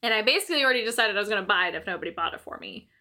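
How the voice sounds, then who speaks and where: A woman's voice: medium pitch, racing. A young woman chatting casually as co-host, telling stories with lots of laughter and acting out her past self. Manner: animated storyteller, laughs often, acts out her own past voice. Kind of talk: casual chat.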